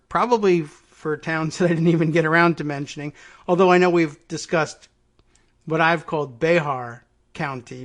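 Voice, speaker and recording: A male podcast host talking alone in a loose, meandering way, often stopping to correct himself. His voice sits a little higher than most men's. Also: fairly bright tone. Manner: rambling, self-correcting, chuckles at odd pronunciations. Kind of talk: casual solo political talk.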